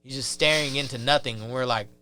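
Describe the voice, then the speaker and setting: A man's voice: mid-range voice, fast, pushed and bright, a little hiss or hum. A man, a podcast guest, telling a rambling, casual story full of fillers and swearing.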